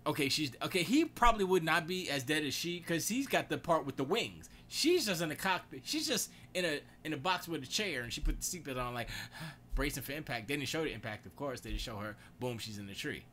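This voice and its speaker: A man hosting a live stream from his home studio, rambling in a loose, excitable, slangy way about games and movies. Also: on the high side, fast talker, few pauses, slight background noise. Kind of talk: casual gaming and movie chat.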